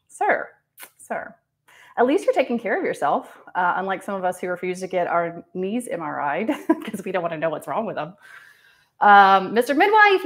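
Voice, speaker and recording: A woman's voice: mid-range voice, a bit bright. Chatty woman nurse practitioner. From American South. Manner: chatty, laughs often, frequent ums. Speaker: nurse practitioner live-streaming. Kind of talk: casual livestream chat while getting ready.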